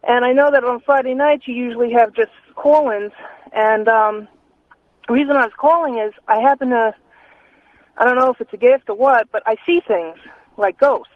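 A woman's voice: fairly high pitch, normal speed. A woman from North Carolina calling into a radio show and telling a ghost story in a chatty way. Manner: chatty storyteller, laughs easily. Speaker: caller. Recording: phone line.

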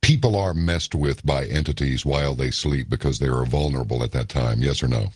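A man's voice: rumbling low, a little fast, a little mellow, slightly rough, no echo, studio quality. A man hosting a late-night radio interview, asking questions and giving short encouraging reactions. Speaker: radio host.

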